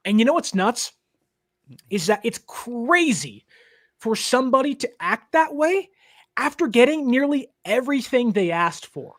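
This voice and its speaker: High-voiced man in casual sports chat. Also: expressive, measured pace. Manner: chatty, acts out quotes in voices, laughs often. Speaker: co-host of a sports podcast.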